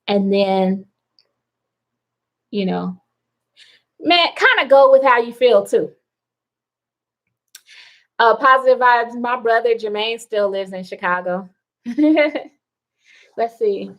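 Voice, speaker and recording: A woman hosts a late-night live stream from home, answering viewer comments in an easygoing, unhurried way. Her voice sits a little high, and she laughs often between remarks. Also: low-quality recording. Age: adult with children. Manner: chatty, laughs often, slow and relaxed. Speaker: livestream host reading viewer comments. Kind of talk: casual live chat.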